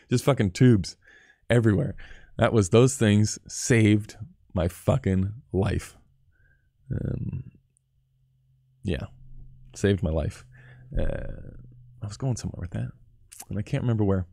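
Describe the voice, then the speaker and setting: A man's voice: fairly low pitch, normal speed, vocal fry, pauses often, warm tone, no echo, studio quality. A man in his thirties, a cinematographer, talking candidly and profanely on a live stream, answering chat questions and picking apart his own work. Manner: candid, profane, self-critical. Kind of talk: casual live-stream talk.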